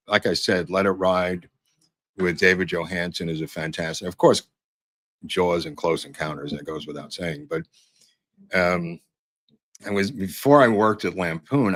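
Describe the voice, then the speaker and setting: An older man with a very low voice hosts a podcast and spins rambling showbiz anecdotes. He talks in a loose, chatty way, padded with "uh" and "um". The sound is dry and close, with no room echo. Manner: chatty, full of "uh" and "um" fillers. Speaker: podcast host.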